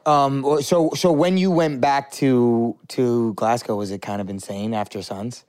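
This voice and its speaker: A man's voice: medium pitch, steady tone, unhurried, darkish tone, smooth. A young man hosting a podcast in casual chat, laid-back and slangy, with lots of "like". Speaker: podcast host.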